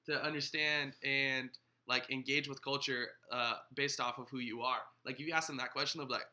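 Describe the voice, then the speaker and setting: A young man, a pastor and co-host, explaining slang in an earnest, animated casual chat. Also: medium pitch, fairly quick, few pauses.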